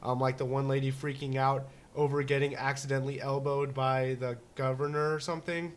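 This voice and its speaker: A man's voice: medium pitch, level tone, brisk. A man co-hosting a casual talk show, rambling and joking with many restarts and fillers. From United States. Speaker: podcast co-host. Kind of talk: casual chat.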